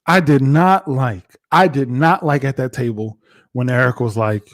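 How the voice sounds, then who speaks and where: A young man co-hosting a casual live review chat, animated and acting out what others said. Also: medium pitch, a little slow. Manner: animated, reenacts others in quoted voices. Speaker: co-host reviewing a reality show.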